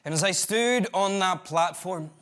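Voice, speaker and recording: Guy doing a one-man stage show, slow wry storytelling, dry punchlines. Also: sits high, a bit bright, clear, resonant tone. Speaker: solo stage performer. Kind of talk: comic theatre monologue.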